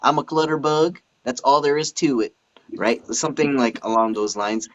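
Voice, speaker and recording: A matter-of-fact Southern man with a Southern American accent, as a man puts him on, drawling in a folksy way and a bit louder than usual. The audio is dull and lo-fi. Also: mid-range voice, steady tone, normal speed, voice pushed up, lightly acted.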